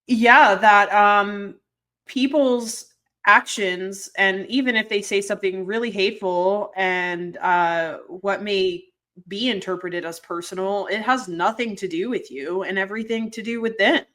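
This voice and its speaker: A woman's voice: mid-range voice, measured pace, a bit bright. Earnest woman, casual podcast co-host.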